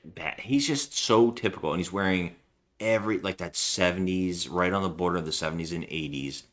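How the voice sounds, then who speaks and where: A man's voice: low voice, brisk, a bit bright. A man co-hosting a casual podcast about bad movies, joking and rambling through his review. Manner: joking, rambling, does mock impressions. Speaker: podcast co-host.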